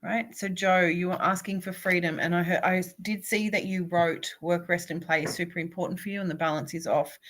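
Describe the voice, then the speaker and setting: A woman's voice: on the low side, fairly even intonation, a little fast, hardly any pauses, fairly bright tone. A woman, a spiritual coach, doing a live oracle card reading and speaking encouragingly to viewers by name.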